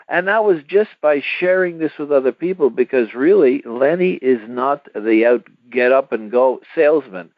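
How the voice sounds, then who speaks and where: A man's voice: medium pitch, no room sound. Earnest male radio host, tinny sound. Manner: earnest, persuasive, halting. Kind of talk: radio talk show pitch.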